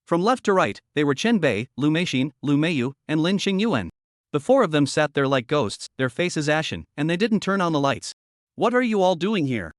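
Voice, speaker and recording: A man's voice: on the high side, animated, moderate pace, dry recording, clean studio sound. A man narrating a comic story recap in a scripted, dramatic storytelling style.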